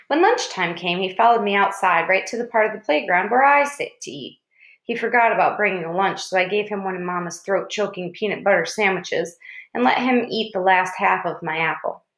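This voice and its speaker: A woman narrating a children's novel in a measured storytelling voice. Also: mid-range voice, a bit bright. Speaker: audiobook reader. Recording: roomy echo.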